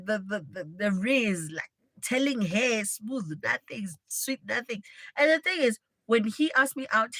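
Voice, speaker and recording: A woman's voice: a little high, a bit bright, dry recording. A woman livestreaming, telling a dramatic personal story in a chatty way and talking straight to her viewers. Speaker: livestream host. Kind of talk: casual storytime.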